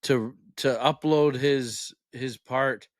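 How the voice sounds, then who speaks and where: A man at a middle pitch drops quick, wry remarks into a comedy podcast chat, sometimes slipping into mock-formal phrasing. His voice sits close and dry, with no room sound. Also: steady tone, no room sound. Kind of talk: casual chat.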